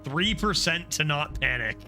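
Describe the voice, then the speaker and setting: A male gaming streamer talks through his play in an excitable, self-mocking way. His voice is bright and fairly high, leaping around in pitch. Faint game music sits behind him. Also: a little slow. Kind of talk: casual gameplay commentary.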